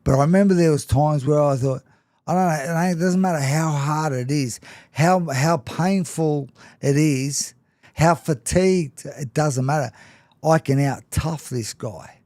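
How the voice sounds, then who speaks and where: A man's voice: a little high, unhurried, a little mellow, dry recording. A middle-aged man, a guest in an interview, telling candid stories with frequent restarts and short laughs. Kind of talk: candid storytelling in conversation.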